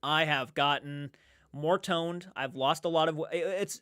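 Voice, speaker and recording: A man's voice: on the high side, unhurried, sharp tone, smooth, dry recording, clean studio sound. A man livestreaming from home, chatting casually and rambling, repeating himself and reading chat aloud. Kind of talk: casual live-stream chat.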